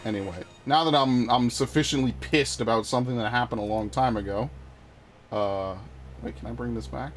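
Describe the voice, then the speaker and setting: With game music and slight background noise in the mix, a young man speaks at medium pitch and a little fast. His casual let's-play commentary wanders into a profanity-filled story that builds into excitable ranting.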